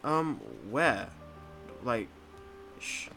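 A young man talks his way through a video game in loose, rambling commentary, swearing and chatting to the things on screen. His voice has a bright, tense edge, and soft mumbling keeps giving way to loud, excited bursts. Faint game music plays behind him. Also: medium pitch, extremely slow, gravelly. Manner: mumbles softly, then jumps into loud excited outbursts. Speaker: gameplay commentator. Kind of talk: casual let's play commentary.

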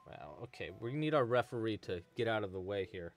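A man's voice: fairly low pitch, lively intonation, fairly quick, faint music behind. A man hosting a live crochet tutorial stream, chatting casually, thanking donors and answering the chat. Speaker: crochet livestream host.

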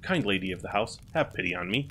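A man's voice: lowish voice, expressive, fast talker, fairly bright tone, a little hiss or hum. A man voicing a scheming robber chieftain who pleads through a keyhole in a storybook reading.

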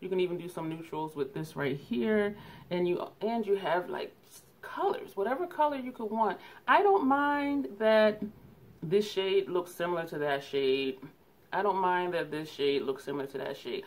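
Woman beauty vlogger, lowish voice, chatty and casual, laughs often, trails into soft asides. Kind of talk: casual product review.

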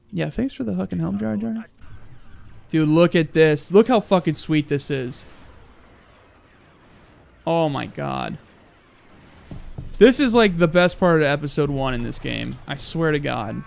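A young man giving loud, crude, excitable commentary while playing a video game. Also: fairly high pitch, creaky. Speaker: gaming YouTuber. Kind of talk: let's play commentary.

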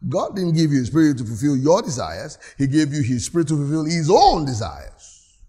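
A man delivering a church sermon, his voice sitting a little higher than most men's. He reads scripture passages aloud and keeps pressing the congregation to answer him back. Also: sing-song, normal speed, mellow, slightly rough. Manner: preaches with call-and-response, reads scripture aloud. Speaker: pastor.

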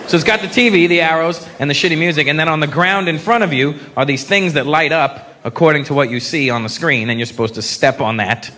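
A man's voice: a little high, quick pace, hardly any pauses. A man doing a stand-up comedy set on stage, brash and profane, teasing the crowd. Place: comedy stage before a live audience. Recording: live stage mic with crowd noise.

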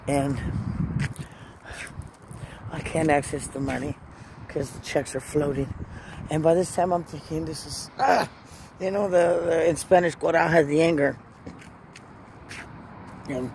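Her voice is deep and a little mellow, with fairly even intonation, a measured pace, and long pauses. This woman, a Christian vlogger, gives an earnest, emotional personal faith testimony and preaching from in or beside a parked truck outdoors, rising into pressing rhetorical questions for the listener while traffic and outdoor noise sound clearly beneath.

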